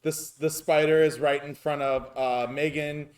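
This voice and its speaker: A man playing in a tabletop game, talking in an unhurried, halting way. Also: fairly high pitch, steady tone. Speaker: player. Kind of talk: casual tabletop play.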